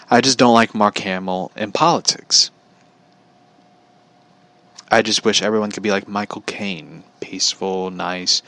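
A man's voice: on the low side, a bit bright, dry recording. A man telling a story in a casual, opinionated rant, swearing freely and laughing at his own anecdote.

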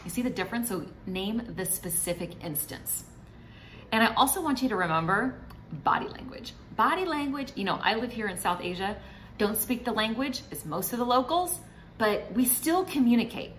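A middle-aged woman gives marriage advice in a chatty, encouraging vlog voice. Her pitch sits in a medium range. A faint noise hum runs under the recording. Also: animated, normal speed, low-quality recording. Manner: chatty and encouraging, acts out quoted spouses. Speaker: vlogger giving marriage advice. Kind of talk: direct-to-camera advice talk.

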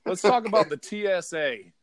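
A man's voice: high-pitched, lively intonation, normal speed, no echo. A man co-hosting a podcast, telling a heated, profane story in casual chat. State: partly deaf in left ear. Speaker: podcast co-host.

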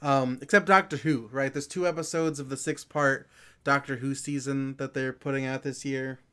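A man's voice: mid-range voice, steady tone, moderate pace, fairly bright tone, smooth. A man co-hosting a podcast as its producer, chatting casually with a rambling, hesitant delivery. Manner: rambling, hesitant, many fillers and restarts.

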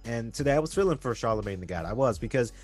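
Earnest young man, lively delivery. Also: quick pace, soft background music. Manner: earnest, repetitive, drops to a soft low voice when demonstrating calm talk. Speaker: vlogger giving advice. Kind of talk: casual advice monologue.

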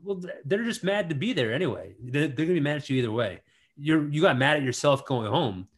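A man co-hosting a podcast in casual chat, playful and quick with puns and repeated gag phrases. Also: a little high, animated, slightly rough. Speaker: podcast co-host.

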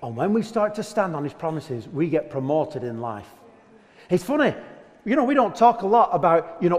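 A man preaching a sermon as pastor, animated and joking as he talks to his church. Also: fairly high pitch, moderate pace. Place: church hall. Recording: long hall reverb.

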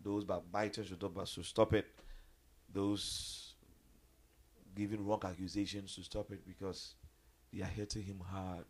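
Animated preacher man with swinging pitch. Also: a little slow, long pauses. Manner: animated, acts out quoted voices with big jumps in pitch. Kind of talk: sermon.

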